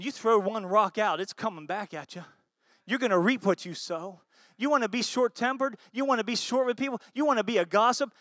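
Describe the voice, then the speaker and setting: High-voiced emphatic American pastor preaching. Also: male voice, no echo, clean studio sound. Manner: swings between loud emphatic bursts and low soft asides; asks the congregation rhetorical questions. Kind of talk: sermon.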